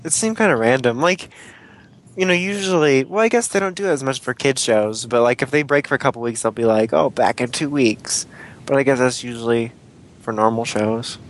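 A man's voice: medium pitch, moderate pace. Man, podcast co-host, casual rambling chat, self-deprecating. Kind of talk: casual chat about cartoons.

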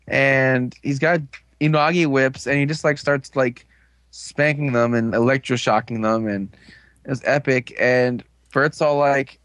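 A man's voice: medium pitch, fairly even intonation, unhurried, fairly bright tone, no room sound. Rambling man with a dry, close sound. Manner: rambling, filler-heavy, amused retelling. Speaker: podcast co-host recapping an episode. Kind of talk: casual chat.

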